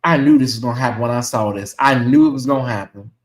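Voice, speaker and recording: A man hosting his own livestream, chatting casually and reacting out loud to messages from viewers. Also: medium pitch, fast talker, reverberant, poor audio. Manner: chatty, animated, reacts aloud to comments. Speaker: channel host.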